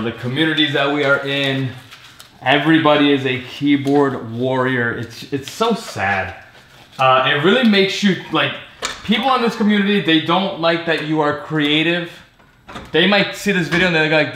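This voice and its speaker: A man hosts a casual pinball vlog, ranting sarcastically with lots of swearing and laughter. His voice is a little high, bright and forceful, at a moderate pace. There's slight background noise and a roomy echo.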